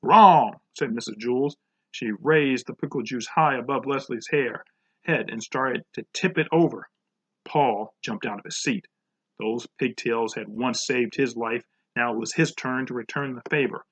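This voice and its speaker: A man reading a chapter book aloud to children in a relaxed, informal way. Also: medium pitch, normal speed. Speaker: program director reading to children.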